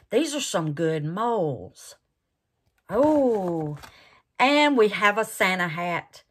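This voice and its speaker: A woman's voice: medium pitch, big pitch swings, extremely slow, slightly rough. A woman hosting a craft channel, unboxing gifts in casual chat and gushing over them with terms like honey and baby.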